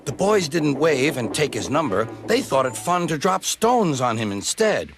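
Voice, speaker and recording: Very lively male storybook narrator. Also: on the high side, normal speed, music in the background. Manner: expressive, voices every engine himself. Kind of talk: scripted storybook narration for children.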